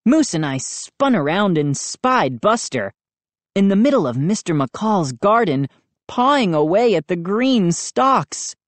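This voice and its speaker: A woman reading a spooky children's storybook aloud with expressive, dramatic narration. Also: medium pitch, a little slow, no echo. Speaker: audiobook reader.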